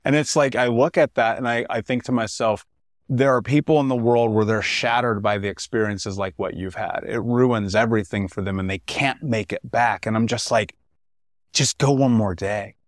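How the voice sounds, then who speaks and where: A man's voice: medium pitch, steady tone, moderate pace, no echo, clean studio sound. A man hosting a podcast interview in casual, emphatic chat, tossing in slang like "dude" and "man". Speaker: podcast host.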